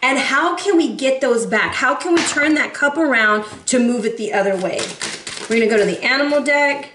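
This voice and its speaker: A woman's voice: high voice, moderate pace, a little hiss or hum. Sassy tarot reader woman, echoey room. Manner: sassy, animated, talks straight to viewers. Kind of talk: casual tarot reading.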